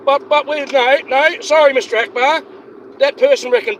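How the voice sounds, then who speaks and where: A man delivers a heated, profane livestream rant, circling back over his points again and again. His voice sits high for a man. Faint hiss runs under him. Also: moderate pace, a bit bright. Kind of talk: ranting livestream monologue.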